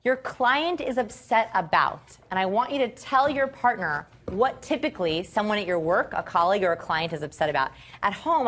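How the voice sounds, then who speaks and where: A woman presenter leading a live seminar on stage, speaking in an instructive way. She repeats key phrases to drive each point home, with a middle-pitched voice. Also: a bit bright. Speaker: workshop presenter. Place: stage before an audience.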